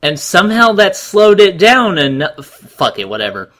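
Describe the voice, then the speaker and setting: Lively, jokey man riffing on a show. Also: sits high, normal speed. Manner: animated, jokey, swears casually. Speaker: commentary co-host. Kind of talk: casual watch-along commentary.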